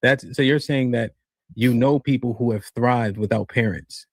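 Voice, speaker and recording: A man's voice: medium pitch, moderate pace, no echo. A man leads a podcast debate in a mid-range voice. He keeps interrupting to press his point, restarting phrases as he goes. The sound is dry and close to the mic. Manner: presses the guest with repeated questions and stumbling restarts. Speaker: podcast host questioning a guest.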